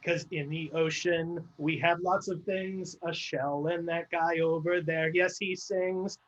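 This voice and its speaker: A man's voice: a little high, fairly even intonation, unhurried. A man playing an improv comedy game on a video call, making absurd claims with a straight face. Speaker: improv performer. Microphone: video call mic. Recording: muffled video call audio.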